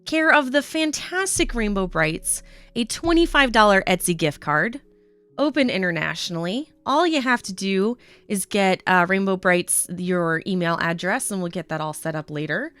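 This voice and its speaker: A woman hosting a live knitting stream, chatting casually with her viewers in an excitable way. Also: mid-range voice, normal speed, smooth, faint music behind. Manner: chatty, excitable, says "um" and "y'all" often.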